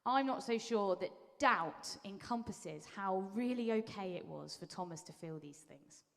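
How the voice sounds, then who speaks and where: A woman preacher giving a conversational sermon, telling the story lively and acting out what people say. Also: medium pitch, unhurried, vocal fry. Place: church hall. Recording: long reverb of a large hall.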